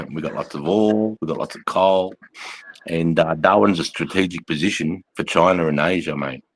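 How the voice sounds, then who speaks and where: A middle-aged man with a broad Australian accent and a very low voice, chatting loosely to viewers on a phone livestream. He swears constantly, laughs between lines and calls everyone mate and bro. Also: moderate pace, rough recording. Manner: swearing, laughing, bloke slang, reading out comments. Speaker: livestream host, army veteran. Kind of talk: casual livestream chat.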